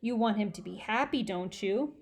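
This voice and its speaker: A woman's voice: mid-range voice, moderate pace, natural voice. A woman voicing an eager, stubborn little boy who pleads and whines to get his way in a storybook. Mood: eager pleading.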